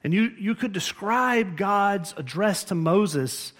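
A man's voice: high voice, animated, slow pace, a bit bright. A man preaching as pastor in a church, explaining scripture earnestly and often restarting his phrases. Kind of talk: sermon. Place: church sanctuary.

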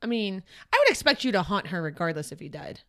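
A woman's voice: medium pitch, very animated, fast talker, a bit bright, dry recording, studio quality. A woman co-hosting a podcast, joking and teasing her co-host. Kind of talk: casual chat.

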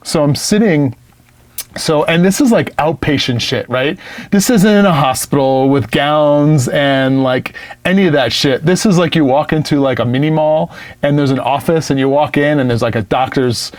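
A man's voice: a little high, normal speed, dry recording. Man co-host, blunt swearing anecdote teller, dry close mic. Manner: profane, animated, blunt. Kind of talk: casual storytelling.

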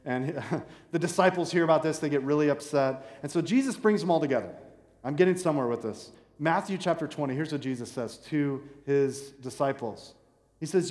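A man preaching a sermon to a church congregation in a relaxed, conversational way, joking and acting out the people in his story. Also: on the high side, brisk. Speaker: pastor. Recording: echoey hall with long reverb.

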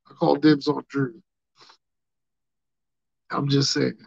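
A man hosting a podcast, joking and rambling loudly in slangy, casual banter with his co-hosts. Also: mid-range voice, flat delivery, slow, creaky, no echo. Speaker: podcast host. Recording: dull lo-fi podcast audio.

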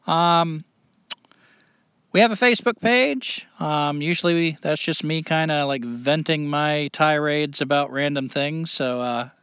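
A man's voice: on the high side, a little slow, a bit bright, clean tone, no room sound, dull audio. A man hosting a casual podcast, talking in an earnest, rambling way with many fillers. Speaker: podcast host.

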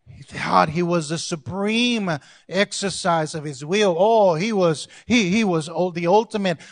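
A man, a pastor, preaching a sermon to his congregation, going from quiet asides to loud calls and acting out quoted lines. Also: sits high, dry recording. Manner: acts out characters' lines in quoted voices.

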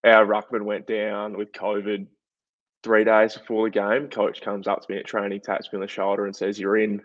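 A young Australian footballer, appearing as a guest, tells a story interview-style in a loose, chatty, animated way, packing in plenty of fillers. His voice is slightly low and his pace is normal. The podcast audio is dull and lo-fi, recorded in a dry, dead room with no echo.

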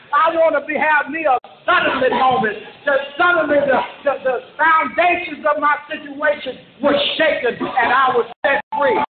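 High-voiced man preaching over a phone line. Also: a little hiss or hum. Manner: fervent, repetitive call-and-response preaching with shouts. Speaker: pastor. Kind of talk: sermon. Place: church service. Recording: echoey, tinny conference-call line.

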